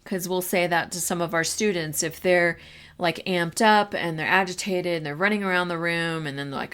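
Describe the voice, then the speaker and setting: A woman's voice: lowish voice, normal speed, a bit bright. A woman hosting a podcast, talking casually and directly to fellow teachers with practical classroom advice. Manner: conversational, addresses listeners directly.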